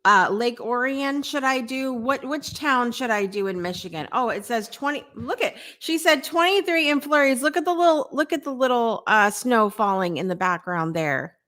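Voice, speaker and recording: Chatty woman hosting a live morning stream, bright voice, reads comments out loud. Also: fairly high pitch, animated, normal speed, hardly any pauses. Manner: chatty, upbeat, reading viewer comments aloud. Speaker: talk show host. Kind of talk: live morning talk show chat.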